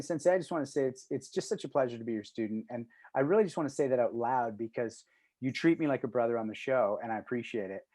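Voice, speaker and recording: Swearing freely, a middle-aged man rambles earnestly as he co-hosts a martial arts talk show by video call in casual chat. He has a medium-pitched, mellow voice, recorded without room sound.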